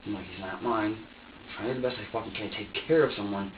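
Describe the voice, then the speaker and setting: A man's voice: on the low side, fairly quick, slight background noise. A man in a police interrogation, talking in an agitated, profane rant. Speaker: suspect. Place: interrogation room. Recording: dull echoey room audio from a distant mic.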